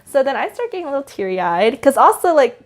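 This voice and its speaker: A woman's voice: high-pitched, very animated, quick pace. Hesitant young woman telling a story. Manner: hesitant, many fillers and restarts. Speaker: co-host of a church life vlog. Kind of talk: casual storytelling chat.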